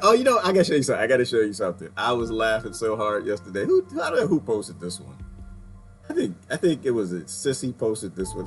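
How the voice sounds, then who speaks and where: A man hosting a casual livestream, talking straight to his chat viewers and laughing often. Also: medium pitch. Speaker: livestream host.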